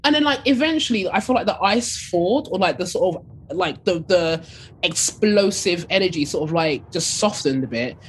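Chatty young Essex woman, lively storyteller. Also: on the low side, normal speed, slight background noise. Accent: Essex English. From England. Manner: animated, chatty, many fillers like "like". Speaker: DJ and radio host. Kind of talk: casual storytelling interview.

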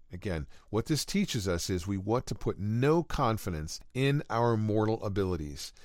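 Male preacher, low voice with lively swings, earnest and emphatic, dry close recording. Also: dry recording. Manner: earnest, emphatic, rising on key phrases. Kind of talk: sermon-style teaching.

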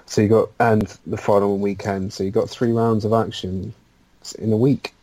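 Male co-host, mellow dark tone, relaxed, chatty football talk. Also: on the low side, moderate pace, no room sound. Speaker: podcast co-host. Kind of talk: casual football chat.

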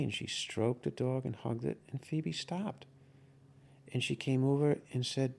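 A man giving a tour of a garden and house, talking in a halting, reflective way with many fillers. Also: medium pitch, steady tone, vocal fry, a little mellow. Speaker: widower giving a home tour. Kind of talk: interview recollection while walking. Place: garden outdoors. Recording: outdoor noise with passing traffic.

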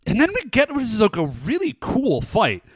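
Casual podcast co-host, male, bouncy and animated delivery, slightly high voice. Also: normal speed, husky, no echo. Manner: animated, enthusiastic storytelling with many fillers. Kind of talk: casual chat recapping a TV episode.

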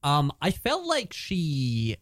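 A man talks films with friends, his pitch swinging widely as he builds a point. He starts out hesitant, stumbling over his opening words, then turns firm and insistent. The recording is dry and close. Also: wildly swooping pitch, slow, fairly bright tone, no room sound. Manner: hesitant, restarts, then emphatic. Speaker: podcast co-host. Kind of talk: casual chat about films.

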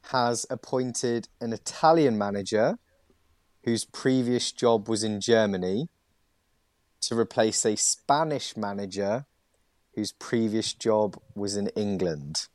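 कम आवाज़ वाला बातूनी पुरुष होस्ट, खेल पॉडकास्ट पर क्विज़ पूछता है, रिकॉर्डिंग सूखी और नज़दीक।. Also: male voice, lowish voice, slow pace, a little mellow, no echo. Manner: chatty, laughs often, many fillers. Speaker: podcast host and quizmaster. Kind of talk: casual sports chat.

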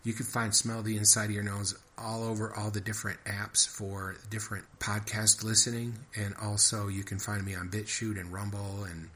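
A man's voice: on the low side, flat delivery, moderate pace, hardly any pauses, fairly bright tone. A man hosting his own podcast, reading a short story and then rambling casually, thinking aloud and repeating himself. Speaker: podcast host and writer.

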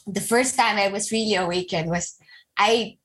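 A woman's voice: medium pitch, moderate pace, fairly bright tone, a little hiss or hum, rough recording. A middle-aged woman with a Filipino accent, a parenting coach telling a personal story in a chatty way, laughing often. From Philippines. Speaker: conscious parenting coach, guest. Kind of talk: casual interview talk, personal storytelling.

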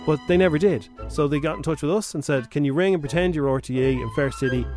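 Irish man, radio prank call, fast talker, slightly high voice, faint music under. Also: darkish tone. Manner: chatty, plays a fussy casting agent.

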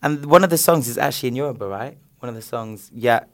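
Animated man chatting casually. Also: mid-range voice, quick pace. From London. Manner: animated, laughs often, slangy. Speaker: podcast host. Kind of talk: casual chat.

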